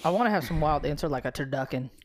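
A man's voice: on the high side, lively intonation, very fast, a little hiss or hum. Joking, foul-mouthed podcast man. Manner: joking, profane banter. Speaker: podcast co-host. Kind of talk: casual chat.

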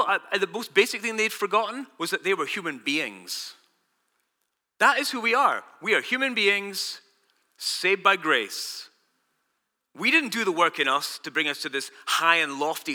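Male pastor, fairly high and forceful voice, emphatic conversational preaching, long church-hall reverb. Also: expressive, a little slow, pauses often. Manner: conversational and emphatic, swinging between loud declarations and hushed asides. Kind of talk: sermon.

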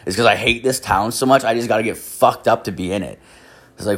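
Man in his thirties, profane rambling storyteller, fairly low voice, exasperated. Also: fast talker. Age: 30s. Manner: swearing constantly, rambling, exasperated. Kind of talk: profane comic storytelling rant.

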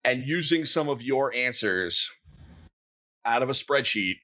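A man's voice: medium pitch, lively intonation, unhurried, bright, forceful tone. A man hosting a casual podcast, playfully running a word game with his co-host. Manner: playful, reads aloud with a put-on pirate lilt.

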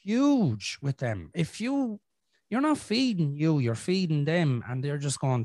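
An Irish man hosting a podcast, talking frankly and swearing, rambling with restarts and clearing his throat from a chest infection. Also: a little high, big pitch swings, unhurried, a little mellow, no room sound. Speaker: podcast host. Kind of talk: casual podcast chat.

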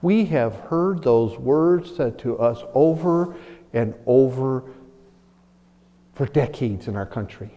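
A man preaching a sermon as pastor, animated and acting out the voices of people he quotes, chuckling often. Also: medium pitch, takes it slowly, in a large hall.

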